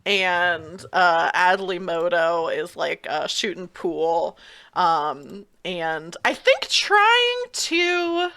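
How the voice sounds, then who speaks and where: Giggly, unhurried woman with bright tone. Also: on the low side, sing-song, clear, resonant tone. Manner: hesitant, giggly, full of fillers. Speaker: tabletop game player. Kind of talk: casual role-play narration.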